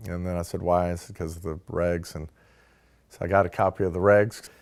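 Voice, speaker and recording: Speaking briskly in a deep, gravelly voice with flat delivery, a distillery founder describes how his business got started during a relaxed interview. He performs other people's lines as dialogue and peppers his talk with "like" and "you know."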